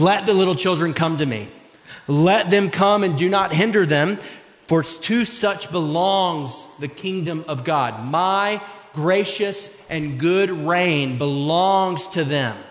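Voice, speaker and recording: A man in his thirties preaching an earnest, conversational sermon, his voice sitting a bit higher than most men's. He is heard in a church sanctuary with a long, roomy reverb trailing each phrase. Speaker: pastor. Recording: echoey hall.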